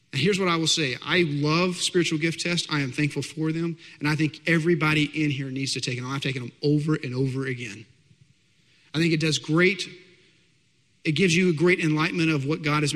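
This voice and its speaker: High-voiced male pastor preaching emphatically. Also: a bit bright. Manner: emphatic, repeats key phrases, direct address to congregation. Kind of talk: sermon. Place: church hall. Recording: long reverb of a large hall.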